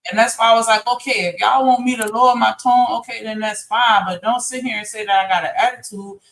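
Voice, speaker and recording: A woman's voice: a little high, fairly even intonation, fast talker, fairly bright tone, echoey room, low-quality recording. A woman co-hosting a live stream, defending herself emphatically. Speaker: stream co-host. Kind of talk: heated casual argument.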